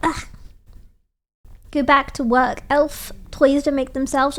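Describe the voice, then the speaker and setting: High-voiced, unhurried, playful woman streamer. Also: flat delivery, a little hiss or hum. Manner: playful, teasing, chatty. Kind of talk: casual chat reading out viewer messages.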